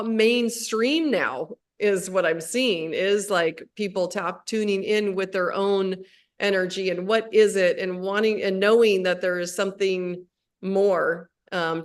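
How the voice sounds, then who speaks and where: A woman hosting a casual spiritual conversation on a live video stream. She rambles, restarting her sentences and filling gaps with "um" and "like". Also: medium pitch. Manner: rambling, with many restarts and fillers. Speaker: host of a spiritual livestream.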